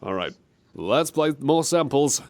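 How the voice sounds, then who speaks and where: A young man co-hosting a community radio show, riffing in loose comedic banter. He rambles, his pitch swinging lively up and down. The sound is a radio studio mic. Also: unhurried. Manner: animated, rambling, slips into silly mock voices. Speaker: radio host.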